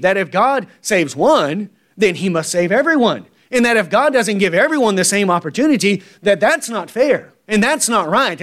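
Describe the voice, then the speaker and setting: High-voiced emphatic man preaching. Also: fairly bright tone. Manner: emphatic, repetitive, asks the congregation "right?". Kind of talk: sermon.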